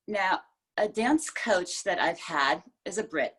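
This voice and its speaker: Over a video call, a woman delivers a prepared club speech in a low, husky voice at a slightly slow pace. She speaks expressively, showing emphasis by shifting which words she stresses.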